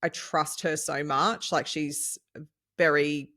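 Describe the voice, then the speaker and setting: A woman, co-hosting a casual podcast chat and rambling excitably, with lots of fillers and laughs. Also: deep voice, slow. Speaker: podcast co-host, nutritionist.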